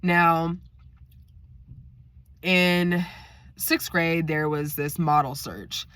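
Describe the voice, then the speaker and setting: A woman telling a personal story in a direct, animated, chatty way. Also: deep voice, drawn-out words, clean tone. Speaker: vlogger. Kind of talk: casual storytime.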